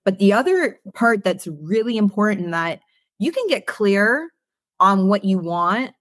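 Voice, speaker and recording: Speaking a little slowly in an expressive mid-range voice, a podcast host from Canada's Greater Toronto Area leads a casual conversational interview. She sounds emphatic and motivational and swears casually, and the recording is dry with clean studio sound.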